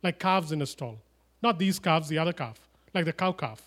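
A man preaching a sermon, animated and emphatic, with chatty asides and humorous stories. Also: on the high side, moderate pace. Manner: animated, rising to loud emphatic declarations.

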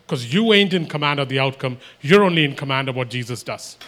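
A man's voice: medium pitch, lively intonation, quick pace, hardly any pauses, fairly bright tone. A man preaching a sermon, emphatic and repetitive, acting out imagined everyday exchanges.

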